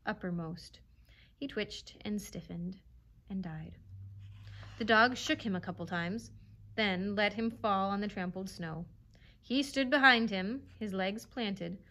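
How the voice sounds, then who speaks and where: A woman librarian reading a chapter book aloud expressively, hushing her voice at sad moments. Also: medium pitch.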